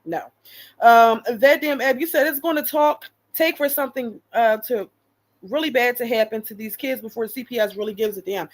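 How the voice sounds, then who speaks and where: A woman's voice: on the high side, moderate pace. Blunt, profane woman streamer. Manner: blunt, profane, addresses chat viewers by name. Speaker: reaction streamer. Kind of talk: casual live-stream commentary.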